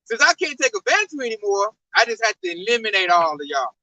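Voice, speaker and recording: A man's voice: sits high, sing-song, fast, pushed and bright, dry recording. A man preaching from scripture in an emphatic, slang-laden way, heard from a distance on a lo-fi recording. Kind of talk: street-corner scripture preaching.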